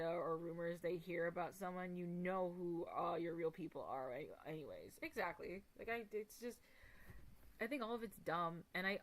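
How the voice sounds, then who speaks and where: A woman's voice: lowish voice, a bit bright. A woman streamer talking bluntly and heatedly, swearing as she rants on stream. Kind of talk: casual ranting stream talk.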